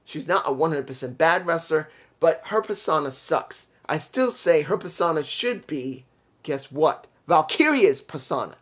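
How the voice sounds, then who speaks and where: A man talks through a wrestling review in a casual, blunt way. His voice sits a little higher than most men's, and he hammers each point home and repeats it for emphasis. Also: expressive, normal speed, fairly bright tone. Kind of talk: casual opinionated review monologue.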